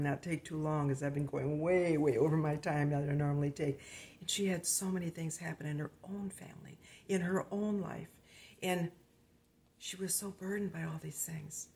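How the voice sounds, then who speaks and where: An older woman pastor giving an earnest, informal sermon, often dropping to a hushed, breathy near-whisper. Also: low-pitched.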